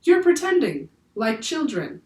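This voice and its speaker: A woman voicing a sad, gentle grown man in a storybook reading, speaking politely. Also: high voice, sing-song, unhurried, pitched above the performer's own voice. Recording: echoey room, far from the mic.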